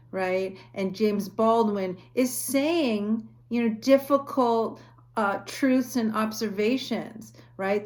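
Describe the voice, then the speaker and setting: A woman's voice: mid-range voice, darkish tone. A woman lecturing on a book in a conversational way, often checking in with "right?" and reading passages aloud. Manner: reads quoted passages aloud. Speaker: university lecturer. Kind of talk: recorded lecture.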